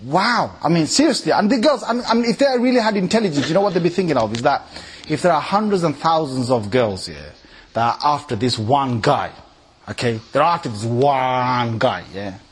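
A married man with three kids preaching an informal sermon to a live audience, animated, mimicking people and asking the audience questions. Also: mid-range voice, a little fast, breathy edge. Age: adult, married with three kids.

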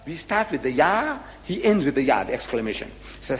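A man's voice: mid-range voice, big pitch swings, quick pace, few pauses, big-room sound. A man giving a public religious lecture, emphatic, firing rhetorical questions and repeating his points.

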